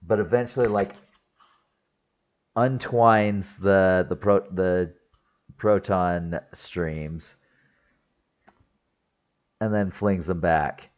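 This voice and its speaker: A very low-pitched man talks slowly through a film recap in a rambling, casual way, full of fillers and restarts. He sounds teary-eyed and emotional. The audio is dull and lo-fi. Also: fairly even intonation. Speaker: movie reviewer. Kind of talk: casual spoiler review.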